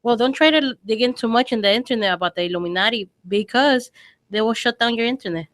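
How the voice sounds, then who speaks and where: A woman's voice: a little high, fast, fairly bright tone, no echo. A woman co-hosting a radio talk show, speaking earnestly and insistently in casual banter.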